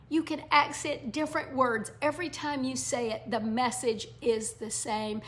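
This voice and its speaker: A woman teaching a devotional Bible lesson, speaking earnestly and often dropping to a soft near-whisper. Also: medium pitch. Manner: speaks song lyrics in a slow cadence.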